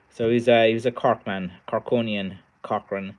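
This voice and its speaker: His voice is mid-range, animated, and a bit bright, delivered at a measured pace. He's a middle-aged Irish stick maker hosting a livestream, chatting wearily and rambling with many fillers and restarts.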